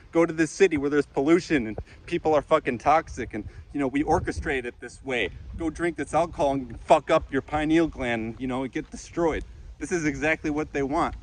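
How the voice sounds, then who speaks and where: A man's voice: mid-range voice, a little hiss or hum, rough recording. A man delivering an impassioned, profane monologue outdoors among trees, repeating himself as he rants. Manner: intense, profane, repetitive ranting. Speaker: vlogger.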